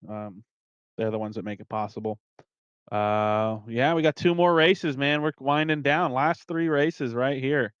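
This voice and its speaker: Male league organizer, smooth voice on a dull lo-fi mic, dry sound, casual and profane. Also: mid-range voice, unhurried, no echo. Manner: relaxed, swears, laughs often. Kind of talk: casual chat.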